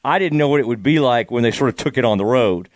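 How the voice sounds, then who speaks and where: A man's voice: mid-range voice, quick pace, no echo. A man hosting a casual chat, asking easygoing, rambling questions. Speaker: podcast host.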